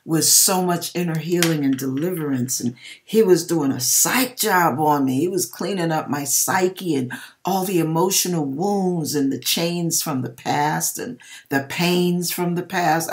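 A woman giving a personal faith testimony, telling her story in an emphatic, expressive way with churchy exclamations. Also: fairly low pitch. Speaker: hairdresser sharing a personal testimony.

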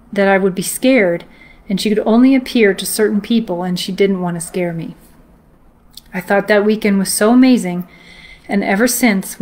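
A woman reads a ghost story aloud to her live-stream viewers. Her delivery is steady and measured, the plain voice of a host sharing a book passage. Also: medium pitch.

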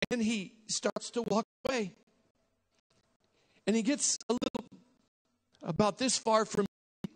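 A male preacher with a fairly high voice tells a story from the pulpit with great animation. He swings between hushed asides and sudden shouted lines as he acts out the scene. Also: slow pace, long pauses. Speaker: guest preacher. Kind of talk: storytelling sermon.

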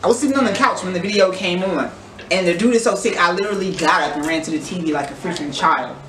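A man's voice: high-pitched, fast talker, fairly bright tone. A man hosting a casual reaction vlog, rambling and joking while putting on a playful fake accent. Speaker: vlogger host. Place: family home. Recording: echoey room, distant mic, noisy.

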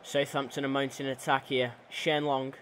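A man's voice: medium pitch, flat delivery, moderate pace, a bit bright, soft background music. A young man giving casual, rambling commentary over his own gameplay as a channel host, with plenty of fillers and self-corrections.

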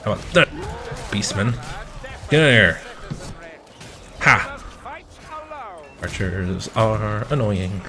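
Excitable, foul-mouthed man gaming. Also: lowish voice, takes it slowly, pauses often, faint music behind. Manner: profane, excitable outbursts at the game; chatty, rambling anecdotes. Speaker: gamer. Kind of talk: gameplay commentary mixed with rambling storytelling.

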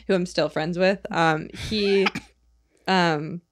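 A woman's voice: lowish voice, steady tone, slow pace. A woman in her thirties hosting a candid conversation, frank and self-deprecating, swearing freely and laughing often. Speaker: podcast host.

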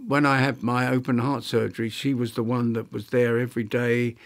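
Halting elderly man reminiscing. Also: mid-range voice, flat delivery, gravelly. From London, England. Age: 90s; older. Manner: halting, reflective, many restarts and fillers. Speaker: interviewee, retired architect. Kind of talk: reminiscing interview.

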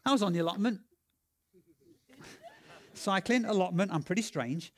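A man telling stories in a sermon, animated and excitable, with lots of restarts and repeated words. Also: high voice, normal speed, pauses often. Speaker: preacher. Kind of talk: sermon storytelling.

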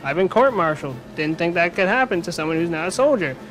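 A man giving let's-play commentary on a racing video game, rambling through animated, self-mocking jokes as he plays. His voice sits high for a man, with faint game music playing softly behind him. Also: fast talker. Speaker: gaming commentator.

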